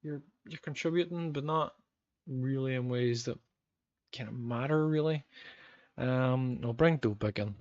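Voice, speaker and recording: Northern Irish streamer, thirties, rambling with lots of ums, dry dull-sounding mic. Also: male voice, mid-range voice, unhurried, a little mellow, dry recording. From Northern Ireland. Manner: rambling, frequent ums, reacts to match events. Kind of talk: live gameplay commentary with chat.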